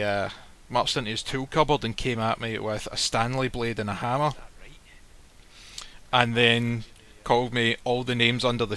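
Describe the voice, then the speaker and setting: Bright-voiced man telling a blunt story. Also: mid-range voice, smooth. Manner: blunt, swears freely, acts out quoted lines. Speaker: guest telling a personal story. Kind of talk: casual storytelling. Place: live stream recording.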